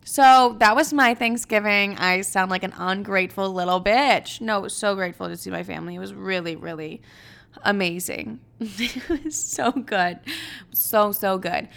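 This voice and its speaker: A woman in her twenties hosts a solo podcast, chatting casually and candidly in a mid-range, gravelly, fairly bright voice at a moderate pace. Her talk is full of "like" and swearing.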